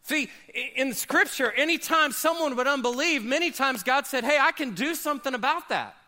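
Pastor, male, high bright voice, dynamic sermon delivery with loud peaks and hushed drops. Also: lively intonation, normal speed. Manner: dynamic preaching, swinging between loud high bursts and low quiet asides.

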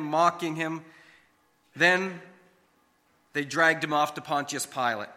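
A man telling a devotional story in the second person, with a slow, emphatic, dramatic delivery. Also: sits high, sharp tone. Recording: long hall reverb.

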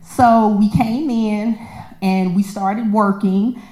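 A woman tells a personal story in a lively, conversational way. She slips into the voices of the people she quotes and laughs along the way. Her mid-range voice rings in an echoey room. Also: mid-range voice, takes it slowly. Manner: animated, acts out quoted voices, laughs often. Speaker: storyteller sharing a personal testimony. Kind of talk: casual storytelling with scripture.

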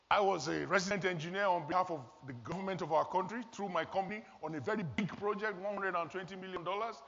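A man's voice: high voice, fast, hardly any pauses, a bit bright. A man from Nigeria, preaching a sermon in an earnest, storytelling way. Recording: long hall reverb, dull lo-fi sound.

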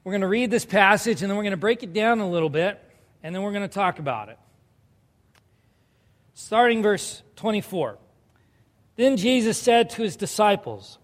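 A man's voice: sits high, animated, normal speed, pauses often, in a large hall. A young man preaching a sermon in a casual, conversational way, often asking his listeners questions. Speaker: pastor.

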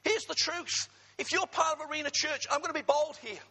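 A middle-aged man from England preaching a sermon, husky in tone, with humorous asides to the congregation. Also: extremely high pitch, fairly quick, sharp tone, big-room sound. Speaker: pastor.

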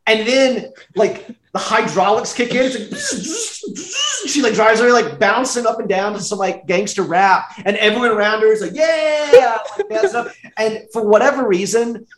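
A man's voice: high-pitched, expressive, normal speed, a bit bright. A man co-hosting a casual podcast about a movie, rambling with many fillers and frequent laughter. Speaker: podcast co-host. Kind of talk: casual chat reviewing a movie. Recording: roomy echo.

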